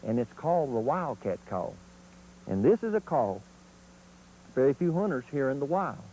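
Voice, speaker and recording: A man with a mellow, dark voice gives a hunting lesson on camera. He talks in a folksy, plain-spoken way, and his pitch rises and falls a lot as he explains and demonstrates. A faint hiss sits behind him. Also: big pitch swings, moderate pace, rough recording. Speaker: turkey calling instructor. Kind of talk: instructional video demonstration.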